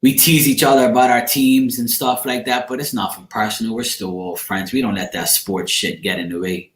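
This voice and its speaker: A man tells a loose, rambling story at an ordinary pitch, often starting over. He talks casually and laughs now and then. The room around him is echoey. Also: fairly even intonation, fairly quick. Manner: rambling, repeats and restarts, laughs while telling. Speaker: channel host. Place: room in a home.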